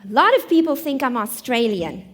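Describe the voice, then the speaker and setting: South African woman, host, high voice, playful stand-up delivery on stage. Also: big pitch swings, moderate pace. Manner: playful, self-mocking, emphatic. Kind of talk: stand-up monologue. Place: live studio stage.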